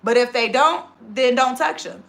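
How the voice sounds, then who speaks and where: A woman in her thirties hosting a casual livestream on her phone, chatting quickly as she reads out viewer comments. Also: high-pitched. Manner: very fast, rapid-fire talker. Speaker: livestream host.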